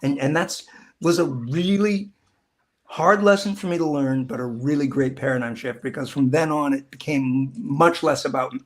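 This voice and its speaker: A middle-aged actor telling stories in a casual interview, rambling and acting out quoted lines in different voices. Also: male voice, medium pitch, normal speed. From Southern California. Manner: rambling, animated, acts out quotes. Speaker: actor guest.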